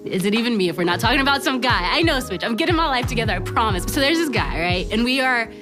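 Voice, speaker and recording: A woman's voice: fairly high pitch, lively intonation, fast talker, music in the background. A young woman teaching a youth church lesson, telling stories in a chatty way with lots of "like" and "right?" and frequent laughs. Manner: laughs often, self-teasing. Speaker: children's ministry teacher. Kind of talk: animated youth lesson talk.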